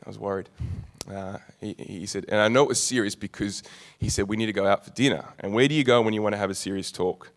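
A man's voice: on the low side, fast talker. A young man preaching a sermon, telling stories with humorous asides. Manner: storytelling, animated, with humorous asides.

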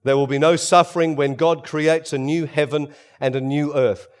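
A man preaching a sermon, swinging between loud emphasis and hushed, quiet passages. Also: fairly high pitch, steady tone, moderate pace.

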